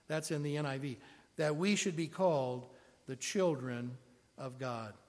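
A man's voice: on the high side, moderate pace. A man preaching a sermon in a conversational way, asking his congregation questions as he goes. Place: church sanctuary. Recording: long reverb of a large hall.

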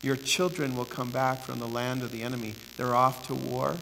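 A man preaching a sermon as pastor, building from steady teaching to impassioned, near-shouted pleading. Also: mid-range voice, moderate pace, vocal fry. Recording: echoey hall with faint hiss and hum.

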